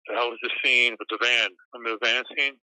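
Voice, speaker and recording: A man guest in an interview, telling stories in an animated, rambling way and swearing casually. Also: medium pitch, fast, a little hiss or hum. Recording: dull lo-fi sound.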